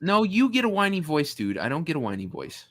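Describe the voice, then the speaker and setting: A man hosting a casual panel chat, lively and laughing easily as he tallies votes. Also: on the high side, a little fast, no echo. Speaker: host.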